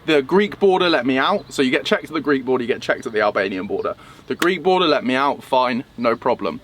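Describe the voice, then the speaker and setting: A young man from England recounting a travel mishap in a vlog, animated and acting out the people he met. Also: medium pitch, fast, slight background noise. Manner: animated retelling, acting out quoted voices. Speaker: vlogger. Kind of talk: storytelling vlog.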